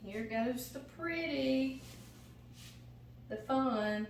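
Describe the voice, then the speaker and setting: A woman's voice: high-pitched, extremely slow. A woman from Louisiana with a Southern accent, chatting folksily to her viewers as she cooks in her home kitchen. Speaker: home cooking vlogger. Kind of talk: casual kitchen chat. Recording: roomy kitchen, mic at a distance, noisy.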